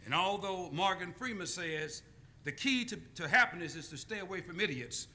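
Bright high-voiced male preacher. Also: animated. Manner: call-and-response, deliberate pauses. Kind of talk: sermon with storytelling.

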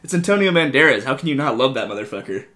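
Excitable young man telling animated stories. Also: medium pitch, very fast. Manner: profane, excitable, animated storytelling. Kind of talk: casual chat.

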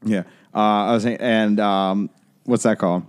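A man's voice: on the low side, fairly even intonation, moderate pace, clean tone. A young adult man co-hosting a podcast, telling a story in a rambling, profane way full of fillers. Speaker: podcast co-host. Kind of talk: casual storytelling chat.

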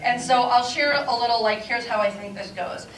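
A woman's voice: a little high, a little fast, slight background noise. A woman in her fifties doing a stand-up comedy set, brash and confessional, laughing through her punchlines. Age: 50s. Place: stage before a live audience. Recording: echoey room from far off, loud crowd.

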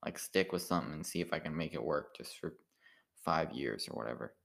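A tired man with a very deep, gravelly voice talks in a loose, meandering monologue. He stops and restarts often, trailing off and circling back as if thinking aloud. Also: a bit bright. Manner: meandering, halting, full of restarts and filler. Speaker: amateur stand-up comedian. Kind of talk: rambling casual monologue.

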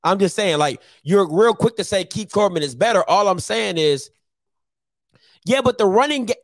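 A man's voice: sits high, animated, normal speed, no echo. A man on a sports talk show, arguing his point insistently and repeating himself for emphasis. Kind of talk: heated sports debate.

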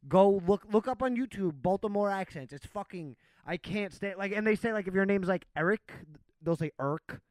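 A man hosting a podcast in casual chat, animated and swearing freely. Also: high voice, normal speed, hardly any pauses, no room sound. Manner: animated, profane, excitable. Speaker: podcast host.

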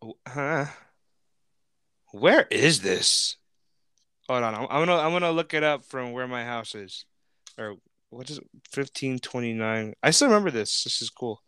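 A man's voice: medium pitch, normal speed, pauses often, smooth, no echo, studio quality. A young man, co-hosting a casual chat and telling stories with frequent laughter. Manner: laughs often, animated storytelling. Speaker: podcast co-host.

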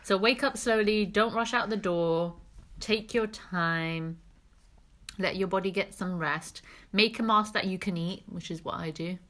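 A woman's voice: medium pitch, unhurried, a bit bright. A woman co-hosting a podcast, chatting casually and giggling as she goes. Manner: laid-back, giggly, chatty. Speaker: podcast co-host. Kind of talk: casual chat.

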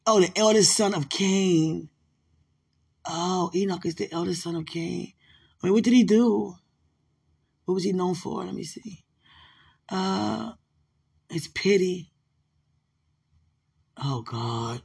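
A woman's voice: fairly low pitch, slow, creaky, long pauses, breathy edge. A woman leading an emotional live prayer session, often tearful, sighing and laughing as she prays and calls her listener sweetheart. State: crying.

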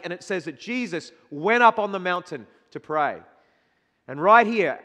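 Male preacher with a fairly high voice, emphatic with quiet reflective stretches, in a reverberant hall. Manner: emphatic, swings from loud declarations to quiet reflection. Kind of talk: sermon.

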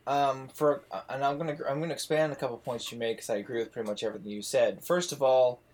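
A man's voice: medium pitch, fairly even intonation, fast talker, darkish tone. A man hosting a casual podcast chat, talking enthusiastically and rambling with lots of asides. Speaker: podcast host.

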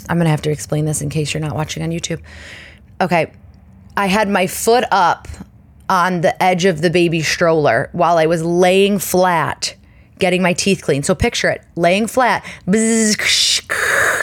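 A woman in her thirties hosting a podcast, telling a story in a chatty, animated way and acting out the people in it. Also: on the low side. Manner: chatty and animated, acts out quoted voices. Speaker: podcast host. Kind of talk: casual storytelling monologue.

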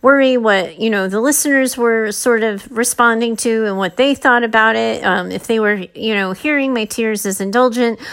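A woman's voice: on the high side, fairly bright tone. Chatty, candid woman podcast host. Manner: candid, chatty, many fillers. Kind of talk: casual advice talk.

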